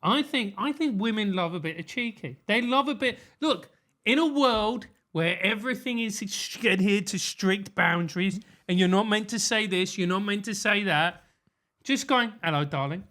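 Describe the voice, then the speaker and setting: A man's voice: high-pitched, moderate pace, bright, forceful tone. Rambling, giggly male podcast co-host. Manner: rambling, laughs often. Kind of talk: casual comedic chat.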